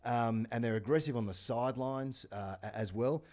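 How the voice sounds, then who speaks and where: A middle-aged Australian man, a guest on a podcast, telling sports stories in casual chat with lots of animated restarts. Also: mid-range voice. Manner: rapid animated storytelling with restarts. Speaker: podcast guest, former rugby player.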